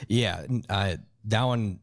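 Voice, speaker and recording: A man's voice: fairly low pitch, takes it slowly. A man as a guest, sheepishly owning up to his money mistakes. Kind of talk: casual conversation.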